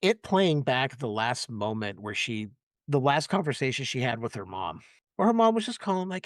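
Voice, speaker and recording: A man's voice: mid-range voice, big pitch swings, normal speed, no room sound, studio quality. A man on a podcast retelling movie scenes in a casual chat, acting out quotes and laughing often. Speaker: podcast host.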